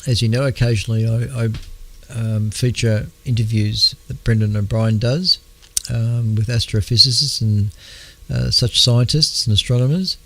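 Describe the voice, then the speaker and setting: An Australian man hosts an astronomy radio show in a gravelly, mid-pitched voice. He talks casually and haltingly, with many ums and uhs. He keeps clearing his throat because his voice is wearing thin. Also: fairly even intonation, fairly bright tone. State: losing his voice. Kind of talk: casual astronomy news talk.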